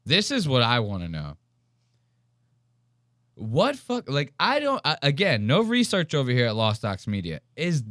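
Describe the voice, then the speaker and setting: A young man hosts a podcast and talks over a video clip in loose, rambling commentary, full of swearing and disbelief. His voice sits at an ordinary pitch and comes through close and dry, with no room sound around it. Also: a bit bright, no room sound. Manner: profane, rambling, incredulous. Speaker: podcast host. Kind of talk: casual commentary reacting to a video.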